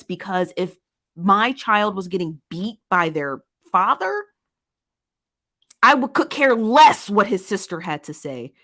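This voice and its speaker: A woman hosts a casual commentary show, reading viewer comments and pressing her points emphatically, repeating herself and checking in with "okay?" and "right?". Her voice is lowish with a fairly bright tone.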